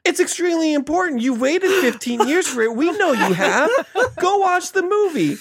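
A man's voice: very high voice, animated, moderate pace, noisy background. A man co-hosting a podcast, chatting about a movie in a dry, teasing way. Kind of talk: casual movie chat.

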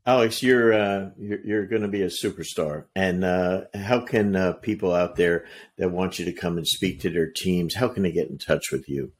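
Deep-voiced podcast host. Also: male voice, moderate pace, hardly any pauses. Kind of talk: hosting an interview.

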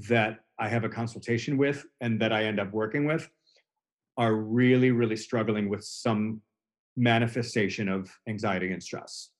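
A man in his forties, a hypnotherapist and coach, explaining his work in an earnest way during a casual podcast conversation. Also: medium pitch. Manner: earnest, explanatory, builds on extended imagery.

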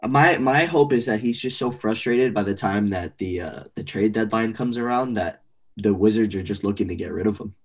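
A man co-hosting a casual sports podcast, opinionated and animated, often trailing off into fillers. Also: on the low side, normal speed. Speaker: podcast co-host.

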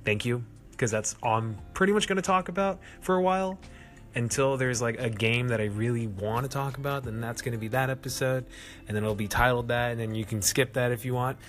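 A man hosting a casual solo gaming podcast, chatty and self-mocking, often jumping up in pitch to stress a point. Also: fairly quick, faint music behind. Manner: chatty, self-mocking, laughs at his own jokes; animated, jumps up in pitch for emphasis. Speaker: podcast host.

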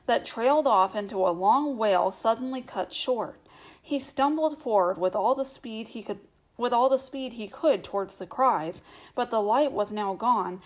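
A woman reading a novel aloud as the narrator, in a steady, measured storytelling manner. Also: mid-range voice. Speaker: audiobook narrator.

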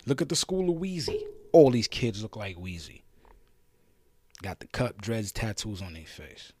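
A man from Brooklyn with a New York accent hosting a podcast, ranting with passion and challenging listeners, his voice swinging between loud and low. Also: animated, measured pace, slightly rough. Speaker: podcast host. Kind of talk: impassioned solo podcast rant.

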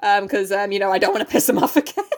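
A woman's voice: mid-range voice, fast talker, a little mellow. A woman co-hosting a podcast, recapping a play in casual chat, sarcastic and sweary, often laughing. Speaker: podcast co-host.

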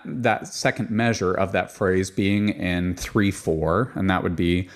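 A man's voice: lowish voice, a little slow, few pauses, slight background noise. A man, a composer, explaining his choral writing in an interview, thoughtful and explanatory. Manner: demonstrates rhythms by chanting and singing them. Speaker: composer guest. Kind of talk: interview about choral music.

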